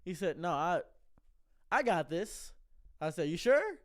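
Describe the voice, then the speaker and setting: A man telling a comedic story in a deadpan way, repeating words as he starts sentences and acting out the other people in lower, quieter voices. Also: takes it slowly.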